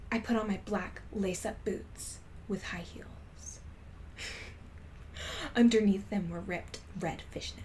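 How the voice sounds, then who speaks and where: A young woman streamer reading a story aloud in a soft, half-whispered voice, with loud outbursts of commentary. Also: medium pitch, a little hiss or hum.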